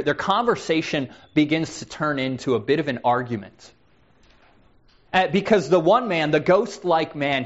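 A man's voice: a little high, dull audio. A man preaching a sermon in an earnest way, often repeating words as he starts a phrase.

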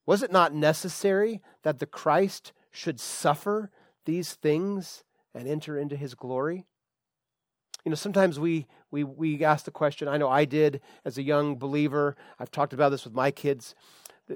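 A man's voice: a little high, dry recording. Dry-voiced male pastor preaching. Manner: reads scripture slowly with emphasis, frequent restarts. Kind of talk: sermon.

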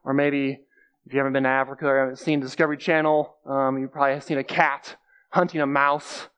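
A man's voice: medium pitch, level tone, fast talker, fairly bright tone, clean tone. A man giving a conversational sermon, explaining scripture plainly and repeating key phrases for emphasis. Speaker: preacher.

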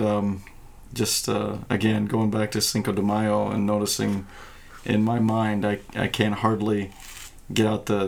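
A man's voice: on the low side, gravelly. A man hosting a casual talk show, rambling and joking, often laughing. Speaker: podcast host. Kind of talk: casual chat.

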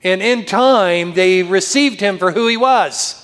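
A man pastor preaching a sermon, earnest and slowing down to lift his voice for scripture, recorded in a church. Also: sits high, a bit bright. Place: church sanctuary. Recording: long reverb of a church hall.

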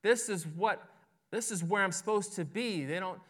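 A man's voice: high-pitched, moderate pace. A man preaching a sermon as pastor, in a conversational way that keeps checking in with listeners and repeats words as he goes. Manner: conversational, asks "right?" often, repeats words.

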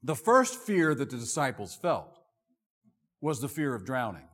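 A middle-aged male pastor preaching a sermon in an expressive, conversational and self-deprecating way. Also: mid-range voice, measured pace. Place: church sanctuary. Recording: long reverb of a large hall.

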